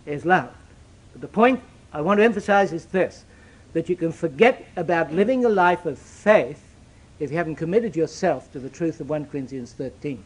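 A man preaching a sermon with an old-fashioned scriptural cadence, swinging from loud emphatic declarations to hushed, solemn asides. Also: fairly high pitch, breathy edge.

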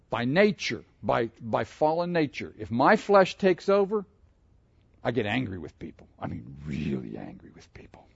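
Animated preacher man, muffled sound. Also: mid-range voice, gravelly, husky, no room sound. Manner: animated, asks the room questions. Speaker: pastor. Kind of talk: interactive sermon with congregation.

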